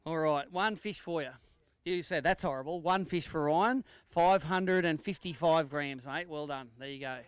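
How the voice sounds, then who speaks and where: An Australian man emcees a live fishing weigh-in, teasing each angler and announcing weights and placings. His voice sits a little high and is smooth and clear. The sound is close and dry. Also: normal speed, no echo. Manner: jokey banter with anglers, announcing weights and standings.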